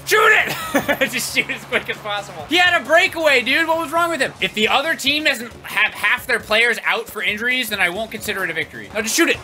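A male streamer narrating his gameplay in loud, jokey bursts, often yelling at the screen. His voice sits high and bright, swinging widely in pitch, with faint game music behind him. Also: expressive, brisk, hardly any pauses. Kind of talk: excitable gameplay commentary.

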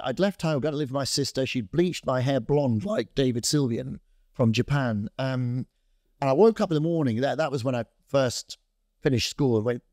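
The voice is mid-range and male, captured in a clean studio with no echo. He's a Scottish fashion founder in his fifties, guesting on an interview and telling a long story in a lively, rambling way, with plenty of fillers and restarts.

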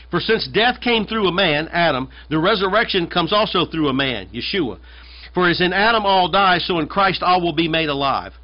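Emphatic American pastor preaching. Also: male voice, high-pitched. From United States. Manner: conversational, emphatic, repeats phrases. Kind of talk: sermon. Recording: dull lo-fi sermon recording.

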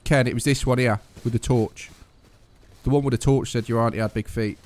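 A man's voice: medium pitch, steady tone, fairly quick, darkish tone. A young man, chatting cheekily and swearing while playing an online game. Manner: cheeky, joking, swears freely. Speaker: gaming video host. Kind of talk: casual game commentary over voice chat.

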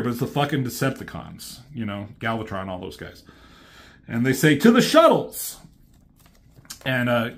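A man's voice: mid-range voice, fairly bright tone. A man casually retelling a comic, rambling with many fillers and the odd swear word. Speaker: reviewer.

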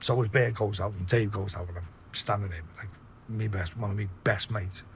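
A man with a Liverpool accent telling a story in a casual way, swearing a lot and acting out his own shouts. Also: on the low side, steady tone, a little fast, a little hiss or hum. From Liverpool, England.

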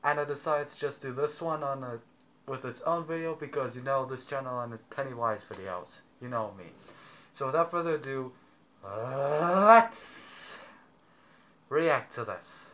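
Man rambling casually, bright tense tone. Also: medium pitch, fairly quick, a little hiss or hum. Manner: rambling, offhand commentary with fillers. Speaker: reaction video host. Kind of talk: casual chat. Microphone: through a costume mask.

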